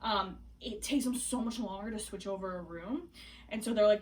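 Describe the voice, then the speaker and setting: A young pregnant woman telling a story in a casual vlog, chatty and animated, laughing often and hiccuping now and then. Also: fairly high pitch, normal speed, distant mic. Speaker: vlogger.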